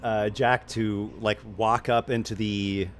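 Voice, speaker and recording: A man with a lowish voice narrating a tabletop adventure as game master. He describes each scene haltingly, with plenty of ums and restarts, and there is a faint noise bed behind him. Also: flat delivery.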